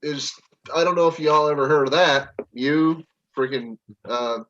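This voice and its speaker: A man's voice: on the high side, a little slow, fairly bright tone, slight background noise. A man chatting casually with friends on a video call, rambling with lots of fillers. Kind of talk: casual chat. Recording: dull lo-fi call audio.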